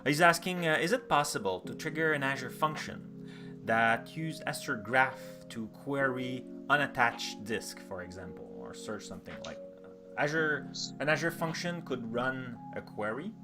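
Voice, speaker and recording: A man's voice: medium pitch, expressive, moderate pace, over music. A man co-hosting a live stream, chatting casually and reading out viewer questions. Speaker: co-host.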